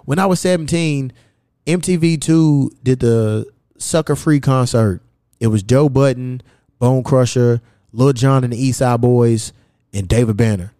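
A man's voice: unhurried, dark tone, no echo, clean studio sound. Young man telling profane stories. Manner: profane storytelling, swings pitch high for quoted asides. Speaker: podcast host. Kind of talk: casual podcast chat.

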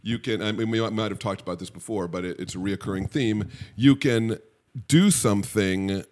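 A man's voice: on the low side, moderate pace, darkish tone. A middle-aged man co-hosting a podcast in casual chat, rambling and wry, often stopping and restarting mid-thought. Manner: rambling, self-interrupting, wry. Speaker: podcast co-host.

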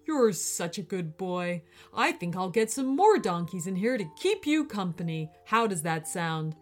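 A woman voicing a kind male farmer who speaks gently and fondly, in a children's storybook reading. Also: lowish voice, sing-song, unhurried, pitched below the performer's own voice. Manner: gentle and fond. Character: kind male farmer petting his donkey.

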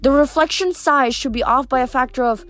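A woman voicing a clever, bossy teenage girl who speaks briskly and insistently. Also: high voice, a bit bright. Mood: urgent.

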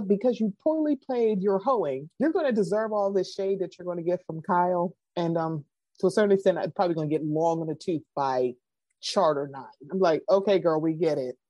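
A woman chatting casually on a podcast. She's playful and animated, and her pitch rises and falls a lot. She often slips into quoted voices. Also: normal speed, no echo, low-quality recording. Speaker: podcast guest. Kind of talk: casual chat.

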